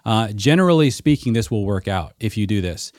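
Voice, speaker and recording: A man's voice: on the low side, animated, brisk, a little mellow, no room sound. Earnest man, dry close sound. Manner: earnest, explaining at length. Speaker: podcast co-host and mentor. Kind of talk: casual podcast discussion.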